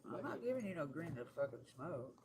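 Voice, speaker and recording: A woman's voice: deep voice, very animated, a little fast. Blunt, cussing woman streamer, noisy recording. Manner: blunt, profane, exasperated. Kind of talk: casual chat while decorating cakes.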